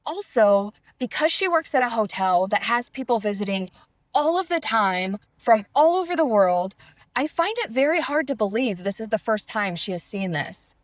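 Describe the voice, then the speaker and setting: A woman reading her own travel memoir aloud in a calm, reflective, measured way. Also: fairly high pitch, no echo. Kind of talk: first-person memoir reading.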